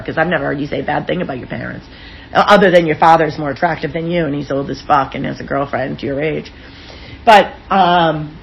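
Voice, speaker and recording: A woman speaking as an interview guest, telling personal stories in a frank, expressive way with casual swearing. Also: low-pitched, highs cut off, slight background noise. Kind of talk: candid personal storytelling in an interview.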